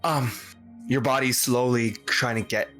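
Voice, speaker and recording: A man narrating as game master in a tabletop game, with slow, descriptive storytelling that halts on fillers. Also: medium pitch, steady tone, a bit bright, faint music behind.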